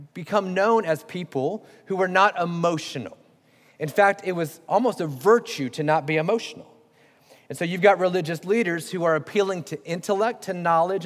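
A man preaching a sermon, conversational and emphatic, putting direct questions to his congregation. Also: a little high. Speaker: pastor. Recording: long hall reverb.

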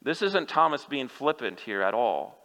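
A man's voice: medium pitch, sing-song, normal speed, vocal fry, fairly bright tone. A male pastor preaching a sermon, speaking earnestly and directly to his listeners. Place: church sanctuary. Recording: long church hall reverb.

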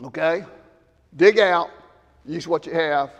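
A man preaching in a church sanctuary, his voice sitting high for a man. He swings from loud, shouted emphasis down to low, quiet asides. A long reverb from the hall trails after his words. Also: slow. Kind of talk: sermon.

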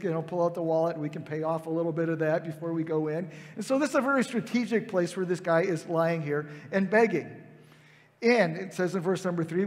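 A male pastor with a high voice gives a relaxed, conversational sermon. He retells the scene casually and slips into short quoted lines for its people. His voice rings out through a large hall with a long, heavy reverb.

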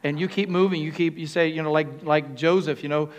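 An older male pastor with a slightly high, steady voice preaches a sermon, calling on the congregation to answer back. His delivery is halting, with frequent restarts and fillers.

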